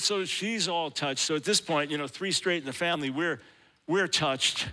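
A man's voice: fairly high pitch, moderate pace, sharp tone. A man preaching a sermon, telling a story with animation and acting out the people he quotes. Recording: long hall reverb.

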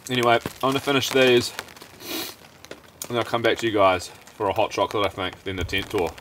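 The voice is on the low side and a little fast: a young camping vlogger, cheerful and talkative, speaking between bites. Steady heavy rain drums outside his shelter at the campsite and a fire crackles nearby, with the rain noise dominating the outdoor recording.

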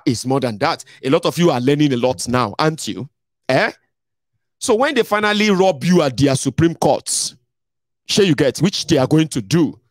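A young Nigerian man talks straight at his audience in a blunt, teasing monologue, now and then mocking people he disagrees with. His voice sits a bit high for a man. The sound is close and dry, with no room around it. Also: very animated, normal speed, dry recording. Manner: blunt, mocking, mimics others in a raised voice. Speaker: political commentator. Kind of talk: casual monologue to viewers.

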